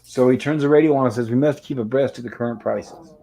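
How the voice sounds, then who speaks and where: A man's voice: medium pitch, fast talker, warm tone, rough recording. A man hosting a show, casually retelling old TV episodes scene by scene, reading the characters' lines aloud and adding dry asides. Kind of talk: casual recap and commentary.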